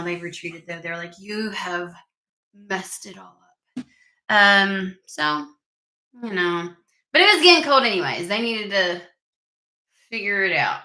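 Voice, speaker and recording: A woman's voice: medium pitch, bright, forceful tone, roomy sound. A woman hosting a casual tarot reading vlog, chatty and rambling, with allergies. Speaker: tarot reader.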